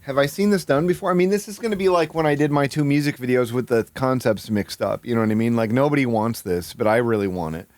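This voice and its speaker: Guy on a live stream, swearing a lot, yelps up high now and then, dry close sound. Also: fast talker, hardly any pauses, no echo. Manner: excitable, swears a lot, sudden high-pitched outbursts; self-mocking, thinking aloud. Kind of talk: casual live-stream chat.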